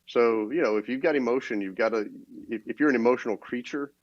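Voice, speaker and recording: A man co-hosting a business podcast, explaining ideas in a steady, casual way. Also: medium pitch, fast talker, no room sound. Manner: steady, explanatory, many restarts. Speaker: podcast co-host. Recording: dull, dry lo-fi sound.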